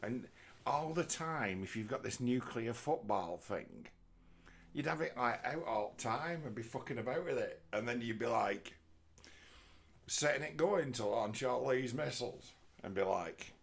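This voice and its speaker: A man's voice: mid-range voice, animated, a little slow, gravelly, slightly rough. A middle-aged man telling a rambling, sweary comic monologue, breaking into mocking voices. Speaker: comedian. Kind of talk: rambling stand-up style monologue.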